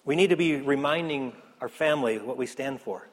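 A man preaching a sermon as pastor in a church, earnest, rising to emphasis then dropping soft. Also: medium pitch, a little fast. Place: church sanctuary. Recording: echoey hall.

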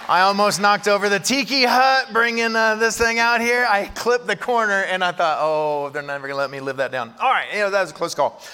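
A man in his thirties preaching a sermon, animated and acting out prayers and Bible voices. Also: high-pitched, a little hiss or hum. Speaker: pastor. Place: large church hall. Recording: reverberant hall.

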